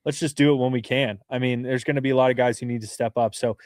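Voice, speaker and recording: A man co-hosting a sports podcast, talking through basketball analysis in an earnest, fast-flowing way with frequent restarts. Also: mid-range voice, fairly even intonation, darkish tone, no room sound, clean studio sound. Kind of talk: casual sports talk.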